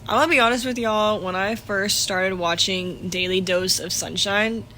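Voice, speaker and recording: A woman's voice: medium pitch, steady tone, moderate pace, pushed and bright, slight background noise. A young adult woman talking casually through her day in a rambling, chatty way, swearing now and then. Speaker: vlogger. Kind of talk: casual daily vlog.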